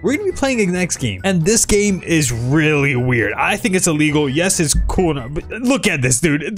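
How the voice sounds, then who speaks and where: An excitable man gives chatty, exclamatory commentary on his gameplay as a gaming YouTuber. His voice is a little high and very animated, leaping up and down in pitch. Light background music plays underneath.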